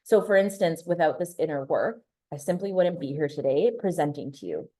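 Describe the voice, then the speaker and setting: A woman's voice: low voice, lively intonation, brisk, warm tone. A woman in her thirties giving a presentation, telling a candid personal story and sometimes restarting or repeating words. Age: 30s.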